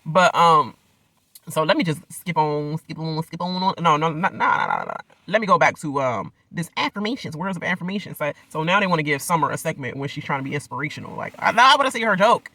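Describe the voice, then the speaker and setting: A man's voice: on the high side, lively intonation, fast talker, pushed and bright, dry recording. A man giving a loose, rambling recap of a reality show in casual slang, laughing often.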